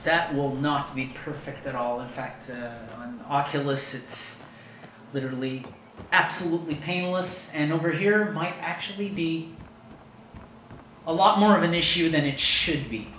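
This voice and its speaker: A woman's voice: sits low, fairly bright tone, roomy sound, slight background noise, rough recording. A woman hosting a gaming video, chatting casually over her play and thinking aloud with fillers. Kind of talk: casual gameplay commentary.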